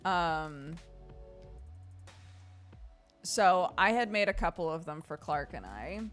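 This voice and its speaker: A woman streamer chatting casually with her viewers, telling stories in an animated way with lots of laughter and fillers. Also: lowish voice, takes it slowly, faint music behind.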